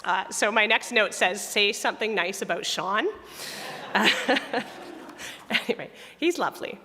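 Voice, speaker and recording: A woman music director talks to a congregation with a bright, clear tone. Her delivery is chatty and self-deprecating, and her voice sounds slightly worn from losing it. A long reverb fills the church around her. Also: mid-range voice, unhurried. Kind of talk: spoken reflection in a church service. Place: church sanctuary.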